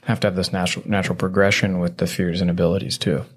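Deep-voiced man hosting a casual podcast. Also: level tone, quick pace. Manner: rambling, teasing, heavy "you know" fillers. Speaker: podcast host. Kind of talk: casual conversational explaining.

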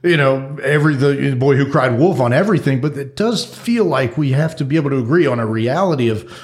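A man's voice: medium pitch, a little fast. A man co-hosting a casual political talk show, earnest and hesitant, stumbling over restarts and fillers. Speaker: podcast co-host.

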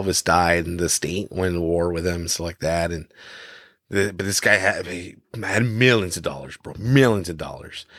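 A man's voice: deep voice, sharp tone, no room sound, clean studio sound. A man co-hosting a casual chat, talking in a loose, rambling way and saying "bro" often. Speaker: co-host.

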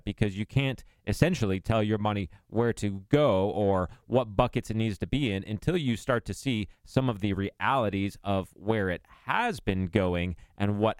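A man co-hosts a casual podcast chat in a low, smooth voice. The sound is dry and close. He explains things in a measured, steady way. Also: no room sound. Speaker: podcast co-host.

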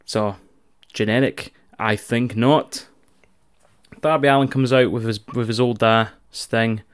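A man with a Scottish accent recapping a wrestling show in casual, profane, animated chat as a podcast co-host. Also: medium pitch, measured pace, clear, resonant tone.

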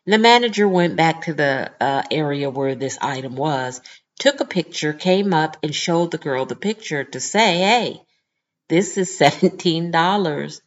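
A woman hosting a podcast, telling a story in an animated, indignant way and acting out the people in it. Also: sits low, normal speed, lo-fi sound. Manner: animated, indignant storytelling with lively quoted voices. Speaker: podcast host. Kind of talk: casual storytelling monologue.

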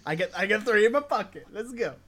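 A man's voice: high voice, animated, fast talker, a crowd in the background. A man on a casual podcast, playful and gloating about his points. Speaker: podcast co-host.

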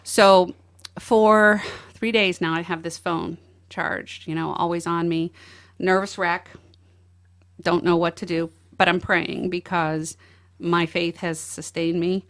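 A middle-aged woman, a guest, telling a deeply personal story in an earnest, emotional way. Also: steady tone, slow. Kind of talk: personal testimony in an interview.

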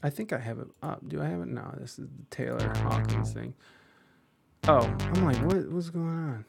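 A man's voice: mid-range voice, normal speed, vocal fry, a little mellow, faint music behind. A man giving rambling, profane, offhand reaction commentary on videos.

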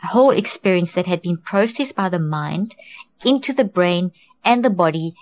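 A middle-aged woman with a slightly low voice talks through ideas in an earnest, conversational way. She restarts sentences often and slips into quoted inner voices to make her point. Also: expressive, moderate pace, a little mellow. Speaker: guest expert on mental health. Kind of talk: conversational explanation in an interview.

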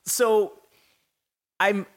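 A man's voice: high-pitched, extremely slow. A young man hosting a podcast, telling a long story in a casual, profane way and acting out voices as he goes. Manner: animated, profane, acts out voices in his story. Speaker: podcast host.

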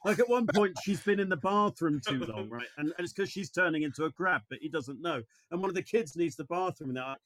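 An actor and writer chatting as a podcast guest, jokey and full of fillers. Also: male voice, a little high, lively intonation, brisk, a bit bright, dry recording, poor audio. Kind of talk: casual chat.

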